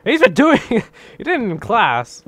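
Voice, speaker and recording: A man telling a rambling, animated story over his gameplay, tagging many lines with "right?" and laughing often. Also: very high voice, moderate pace, no echo. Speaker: gaming channel host.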